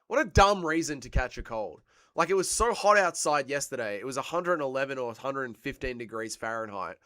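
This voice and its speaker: With a cold and an Australian accent, this man hosts a livestream, reading out the live chat and rambling through crude, sweary banter with his viewers. His mid-range voice is animated and brisk with a sharp edge, and the recording is dry.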